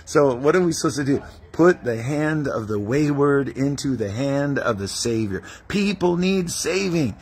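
A man's voice: mid-range voice, animated, unhurried, few pauses, darkish tone. A man preaching a testimony-style sermon as an evangelist, telling stories animatedly and acting out prayers and dialogue.

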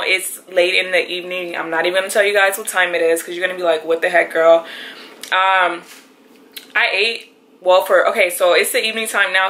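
A woman's voice: on the low side, pushed and bright, low-quality recording. A young woman vlogging casually at home, chatty and rambling and laughing often. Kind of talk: casual vlog talk to camera.

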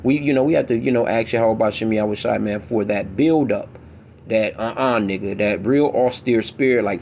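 Gravelly-voiced man preaching bluntly. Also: fairly low pitch, darkish tone, slight background noise. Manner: blunt, profane, emphatic street talk; slow, deliberate reading of old scripture. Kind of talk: reading scripture aloud and commenting.

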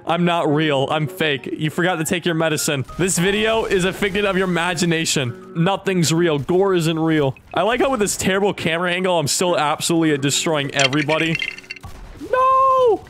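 High-voiced young man yelping through gameplay. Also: fairly quick, hardly any pauses, faint music behind. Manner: excitable, jokey, yelps and cries out. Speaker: gaming YouTuber. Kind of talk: gameplay commentary.

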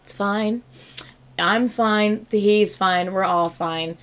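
A woman's voice: mid-range voice, very slow. A woman reacting to a music video in casual, chatty commentary, gushing and swearing freely.

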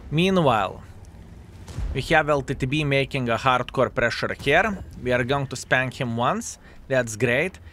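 A young adult man talks through a match as he plays, his pitch sitting in the middle range for a man. He jokes with his viewers and calls them "fellas" in a relaxed, chatty way. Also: slight background noise. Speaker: gaming commentator. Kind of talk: casual gameplay commentary.

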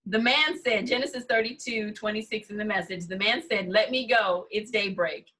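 A woman co-hosting a casual Bible study chat, commenting with animated, laughing energy and quick restarts. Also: medium pitch. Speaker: podcast co-host.

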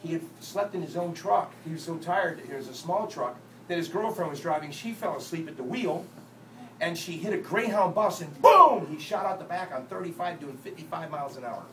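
A man speaking at a church, a lively, joking storyteller who acts out the dialogue in his testimony. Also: fairly high pitch, a little fast, slight background noise. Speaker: guest speaker and singer at a church. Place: church sanctuary. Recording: echoey church hall, distant mic, guitar.

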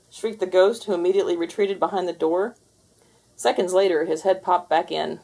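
A woman narrating a children's storybook read-aloud in an expressive way. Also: lowish voice, normal speed, gravelly, slightly rough.

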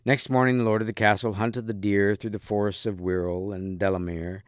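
A man reads a story aloud in a calm, even way. His voice is low and smooth. The recording is close and dry, with no room sound. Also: no room sound. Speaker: reader. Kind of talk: storybook read-aloud narration.

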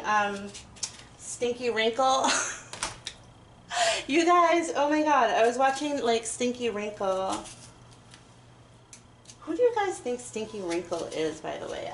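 A young woman rambles and giggles as she bakes. Her voice bounces around an echoey home kitchen. Knife chopping and clattering dishes are clearly heard behind her. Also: a little high, very animated, a little slow, pauses often, background noise. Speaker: vlogger. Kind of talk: casual kitchen chat while baking. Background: chopping and clinking dishes.

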